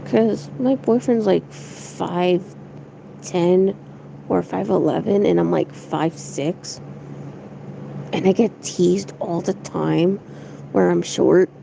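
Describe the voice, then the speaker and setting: A woman's voice: on the low side, slow pace, mellow, slight background noise, low-quality recording. A young woman streamer chatting casually to her viewers, rambling, giggly and swearing a lot. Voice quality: gravelly fry.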